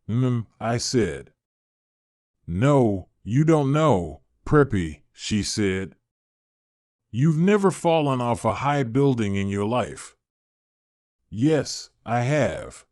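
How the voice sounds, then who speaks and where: A male narrator reads a graded story at a slow, deliberate pace, letting his pitch rise and fall expressively. The sound is dry and close, with no room around it. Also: darkish tone, dry recording. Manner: slow, clear, carefully paced delivery. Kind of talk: slow scripted story reading for English learners.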